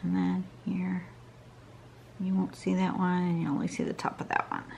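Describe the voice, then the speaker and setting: A drawing instructor's fairly low, gravelly, slightly mellow voice comes through dull audio with a little hiss or hum. Tired and yawning, she speaks flatly at a normal speed, chatting and musing as she draws under a camera over her desk.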